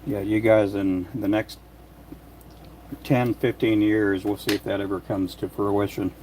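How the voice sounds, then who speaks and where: An older man making fishing lures in his workshop, chatting casually to a livestream audience in a soft, rambling way with frequent restarts. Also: lowish voice, level tone, unhurried, a little hiss or hum. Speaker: lure maker livestreaming. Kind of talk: casual livestream chat while working.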